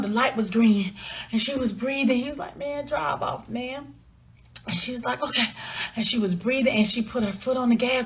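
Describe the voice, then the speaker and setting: A woman's voice: fairly high pitch, fairly bright tone. Woman telling a steamy story. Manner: dramatic, drawn-out retelling with quoted dialogue, dropping to a murmur for characters. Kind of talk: casual storytime narration.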